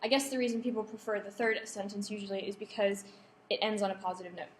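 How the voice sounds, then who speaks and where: A woman's voice: mid-range voice, steady tone, quick pace. Woman lecturing in an echoey room. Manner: checks in with the audience, polls the room. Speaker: workshop presenter. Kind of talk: lecture to students. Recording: echoey room, faint background hum.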